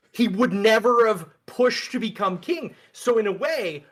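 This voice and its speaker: A man's voice: sits high, expressive, unhurried, slight background noise. A man co-hosting a podcast, going off on joking tangents in a casual discussion. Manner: teasing, goes off on tangents. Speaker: podcast co-host.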